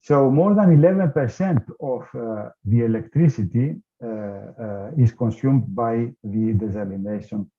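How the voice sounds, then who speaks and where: Male presenter, mid pitch, halting delivery full of fillers, thin phone-like sound. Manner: hesitant, many filler sounds. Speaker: workshop speaker. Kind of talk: technical presentation. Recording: tinny phone-like line.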